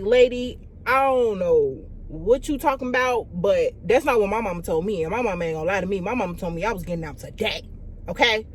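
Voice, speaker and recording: A young woman, telling a storytime vlog in an animated, profane way, full of "like" and "y'all". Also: fairly high pitch, a little hiss or hum. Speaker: vlogger.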